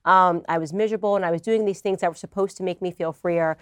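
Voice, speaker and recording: A woman's voice: lowish voice, fairly even intonation, quick pace, no room sound, studio quality. A young woman telling her personal story in an earnest conversational interview. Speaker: guest.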